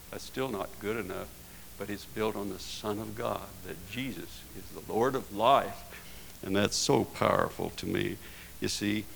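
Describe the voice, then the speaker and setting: A man's voice: fairly low pitch, steady tone, moderate pace, vocal fry, fairly bright tone, rough recording. A man preaching a sermon in a folksy way, often ending his points with tag questions and rising into emphatic bursts.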